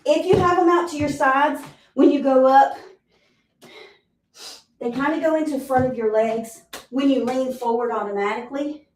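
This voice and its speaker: A woman's voice: sits high, moderate pace, pauses often, a little hiss or hum. A woman leading a live workout class, counting reps aloud and encouraging the listener while out of breath. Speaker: fitness instructor. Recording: roomy sound, mic at a distance.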